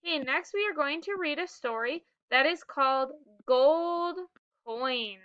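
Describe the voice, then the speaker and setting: A woman teaching a phonics lesson to young children, slowly sounding out words and cueing the class to read and spell along. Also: high-pitched, expressive, a bit bright, no room sound, lo-fi sound. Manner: slow, clearly sounded-out words with prompting cues.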